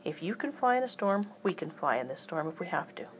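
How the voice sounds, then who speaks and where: A woman's voice: fairly low pitch, sing-song, fairly quick, slight background noise, poor audio. A woman voicing a tiny, determined elderly aunt who talks stubbornly and emphatically. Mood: insistent.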